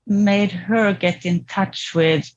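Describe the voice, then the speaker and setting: Hesitant woman, slow and reflective. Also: medium pitch, muffled recording. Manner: reflective, hesitant, with restarts and soft laughs. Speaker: therapy client. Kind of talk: therapy session talk.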